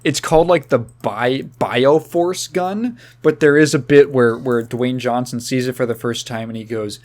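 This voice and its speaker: A man co-hosting a casual podcast, rambling with halting restarts, frequent laughs and swearing. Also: medium pitch, a little mellow. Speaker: podcast co-host.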